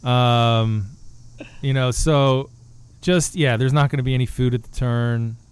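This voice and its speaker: A man's voice: medium pitch, level tone, unhurried, clear, resonant tone. A man talking as a guest author in a casual podcast chat, joking and rambling with restarts.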